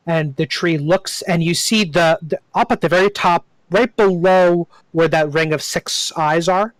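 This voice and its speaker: Male game master, slow descriptive narration with fillers, dry close mic. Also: a little high, no echo. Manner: descriptive, unhurried, with many fillers.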